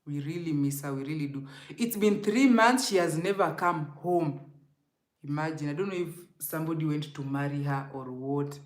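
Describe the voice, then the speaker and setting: A woman's voice: low voice, moderate pace, reverberant. A Kenyan woman telling an emotional, rambling storytime to her viewers, often calling them guys. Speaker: vlogger. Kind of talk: storytime vlog.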